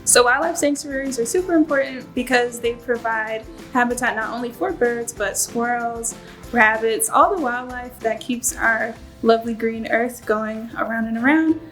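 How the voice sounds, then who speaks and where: High-voiced woman explaining a presentation. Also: moderate pace, a bit bright, faint music behind, rough recording. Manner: explains steadily with frequent "um" fillers. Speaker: presenter for a bird conservation group. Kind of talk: informational presentation.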